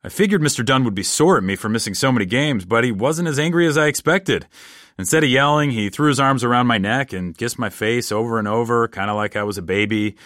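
A man telling a comic first-person story in a deadpan, rambling, casual way. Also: medium pitch, fast, no room sound, studio quality.

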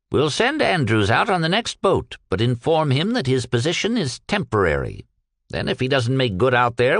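A man's voice: medium pitch, vocal fry, fairly bright tone, no echo, studio quality, voice pushed up. A man reading aloud and voicing a shrewd, genial retired old businessman who talks in a purring, folksy way.

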